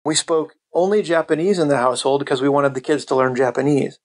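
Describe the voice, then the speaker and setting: A man's voice: fairly high pitch, quick pace. Chatty middle-aged man telling stories. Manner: chatty, many "you know" fillers, laughs often. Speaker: podcast guest. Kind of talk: casual storytelling.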